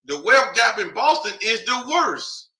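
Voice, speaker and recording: A man's voice: high-pitched, sing-song, a little slow, pushed and bright. A man hosting a casual broadcast, thinking aloud and talking straight to his viewers in an informal, chatty way as he reads through a list. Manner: thinks aloud while reading a list off a map. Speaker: host.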